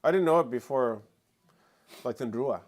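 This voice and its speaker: A man hosting a casual live stream who rambles and chats, restarting sentences and filling pauses with um and like. His voice sits at a middle pitch. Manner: chatty, rambling, with many fillers and restarts. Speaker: co-host of a live talk stream. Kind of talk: casual chat.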